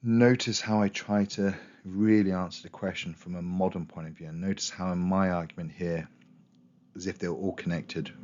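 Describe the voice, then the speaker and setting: A man talks through a revision lesson in a very deep voice. His speech is chatty and full of quoted asides, and his voice is going hoarse. The recording sounds a little dull and muffled. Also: a little mellow. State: losing his voice. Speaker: history teacher.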